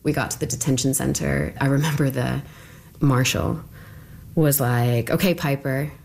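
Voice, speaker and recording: Very low-voiced young woman recounting. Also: fairly even intonation, unhurried, gravelly, darkish tone. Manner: rambling, full of "like" fillers. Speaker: interviewee recounting her arrest. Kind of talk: personal storytelling interview.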